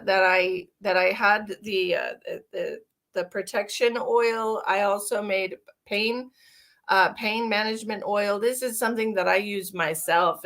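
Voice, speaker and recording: A woman's voice: medium pitch, a bit bright. A middle-aged woman, chatting casually and rambling on a live stream as a psychic medium, giggly and affectionate with her viewers.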